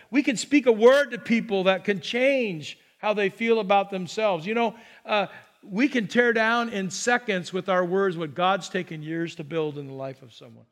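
An older man, a pastor, preaching a sermon in a church and telling stories in an animated way. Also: high voice. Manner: animated storytelling, acts out scenes.

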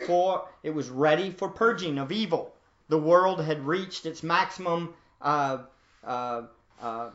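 A man's voice: a little high, fairly bright tone, highs cut off. A man preaching a verse-by-verse Bible teaching in a conversational way, often asking his listeners questions. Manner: conversational, asks the audience questions. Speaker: pastor.

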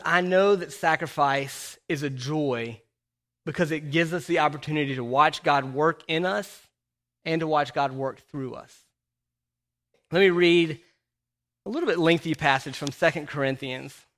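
A man delivers a sermon, his voice sitting a little higher than most men's. He reads scripture and quoted passages aloud and presses hard on his key points. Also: a bit bright. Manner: reads scripture and quotations aloud, rising in emphasis. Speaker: pastor.

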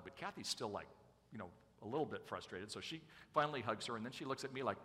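Bright-voiced preacher in a reverberant hall. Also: male voice, low voice, big pitch swings, fast, slight background noise. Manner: self-deprecating, conversational storyteller. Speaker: pastor. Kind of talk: sermon with personal storytelling. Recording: long church-hall reverb.

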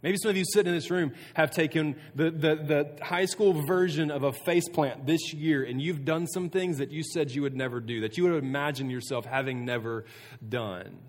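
A youth pastor giving a casual sermon to students, earnest and conversational, often restarting sentences. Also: male voice, fairly high pitch, normal speed. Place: room with a student audience. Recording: long reverb of a hall.

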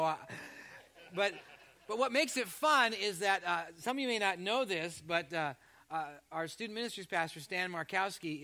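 A man's voice: high voice, pushed and bright. A man from Canada, a pastor delivering a sermon in a chatty, joking way that teases the congregation. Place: church service before a congregation.

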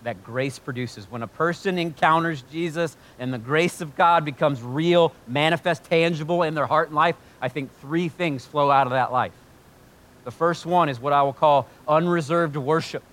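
Fervent pastor preaching a sermon. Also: male voice, a little high, normal speed. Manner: swings from hushed and intimate to loud and fervent. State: choked up with emotion at times. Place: church in Ohio.

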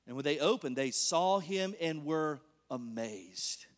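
A man preaching an animated sermon as pastor, joking and asking the congregation questions. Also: on the high side, a little slow. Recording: long reverb of a large hall.

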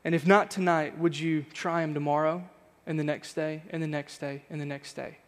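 A man in his thirties preaches with earnest, searching intensity, stacking question on question. His voice sits a little high for a man. The sound carries the long ring of a church sanctuary. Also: steady tone, normal speed, in a large hall. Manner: earnest, reflective, repeating rhetorical questions. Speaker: pastor. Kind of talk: sermon.

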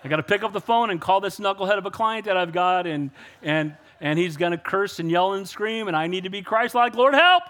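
A man with a high, light voice preaching with fervor. He drives his points home and keeps calling for an amen from the congregation, his voice lifting as he presses each line. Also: a little fast, hardly any pauses. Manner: emphatic, rising to loud exclamations and call-and-response. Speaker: pastor. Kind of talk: sermon.

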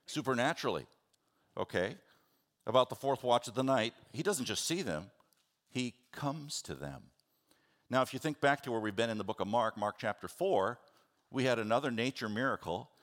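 A man preaching a sermon, telling the scripture story with animated, conversational delivery and acting out the characters' words. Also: medium pitch, normal speed. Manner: animated storytelling, acts out biblical voices; conversational, with restarts and asides. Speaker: pastor.

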